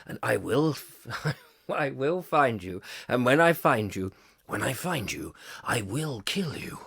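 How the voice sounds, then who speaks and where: A man putting on the slow, low, threatening voice of a gruff action-film hero. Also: very animated, a bit bright, heavily acted. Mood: menacing. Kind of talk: comic film impression.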